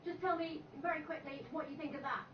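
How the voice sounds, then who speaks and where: A woman reporting on location for a TV news broadcast, interviewing people in a brisk, upbeat way. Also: high-pitched, fairly even intonation, distant mic, slight background noise. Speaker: field reporter. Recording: TV audio played in an echoey room, heard from afar, dull.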